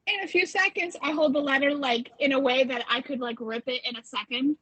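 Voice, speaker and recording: A woman's voice: high-pitched, steady tone, fairly quick, fairly bright tone, slightly rough. A woman playing her character in a tabletop game, sassy and challenging. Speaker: player. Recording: dull dry voice-chat line.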